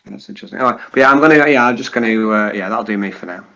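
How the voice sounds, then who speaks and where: A man's voice: lowish voice, rapid-fire, pushed and bright, lo-fi sound. A man playing a tabletop game, chatting casually and hesitating with ums as he plans his moves. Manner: hesitant, filler-heavy planning. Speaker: player.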